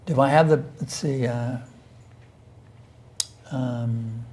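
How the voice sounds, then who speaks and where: Speaking very slowly in a husky, slightly mellow mid-range voice with fairly even intonation, a spiritual teacher answers questions in an informal scripture class. His conversational style includes many "you see" asides and restarts, and sometimes intense pleading as he acts out prayers.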